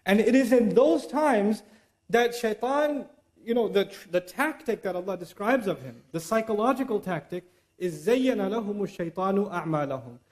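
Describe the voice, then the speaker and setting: Guy with a high voice doing a religious talk, chatty and animated, drops arabic verses in. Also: very fast. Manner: animated, conversational, mixes in Arabic recitation. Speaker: Islamic lecturer. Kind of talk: religious lecture.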